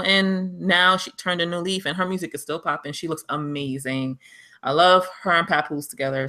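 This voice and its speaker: Brief: New York woman co-hosting a podcast, casual and emphatic, bright forceful tone. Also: sits low. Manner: chatty, emphatic, laughs often. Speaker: podcast co-host. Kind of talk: casual chat.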